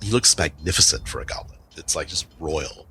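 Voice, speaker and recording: A man's voice: rumbling low, lively intonation, a little fast, sharp tone, a little hiss or hum. A man narrating a tabletop game as game master, loose and often laughing.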